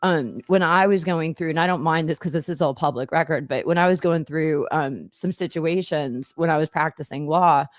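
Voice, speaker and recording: A woman's voice: sits low, moderate pace, hardly any pauses, dry recording. A middle-aged woman, a former attorney hosting a podcast, tells stories in casual chat, meandering and often laughing mid-sentence.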